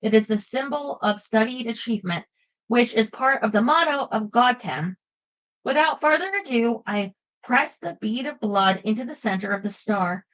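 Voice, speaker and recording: A woman giving a lively first-person audiobook narration. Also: fairly high pitch, moderate pace, poor audio.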